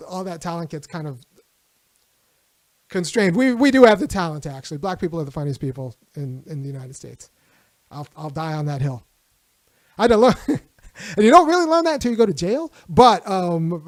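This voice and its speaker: High voiced guy hosting a stream, dry close mic, rambles n laughs. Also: no echo. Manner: loose, rambling, restarts and laughs. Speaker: host. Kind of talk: livestream political commentary.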